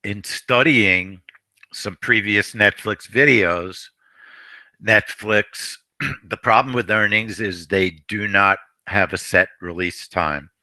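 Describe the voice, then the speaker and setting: A man hosting a live trading stream, talking traders through a trade in a rambling way, repeating himself and often clearing his throat. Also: on the low side, takes it slowly, sharp tone, no room sound.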